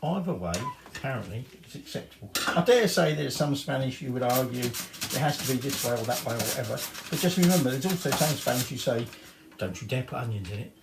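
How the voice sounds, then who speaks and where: A man's voice: medium pitch, expressive, a little fast, gravelly, echoey room, noisy background. A man giving a casual cooking demonstration in his home kitchen, chatty and rambling, with cheeky swearing. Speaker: home cook.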